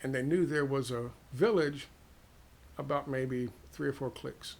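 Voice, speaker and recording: A man with an American accent giving a heated, profane political monologue, firing off rhetorical questions and dropping to hushed tones. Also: a little high, moderate pace, vocal fry, a little hiss or hum. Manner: ranting, drops to hushed tones. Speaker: political commentator.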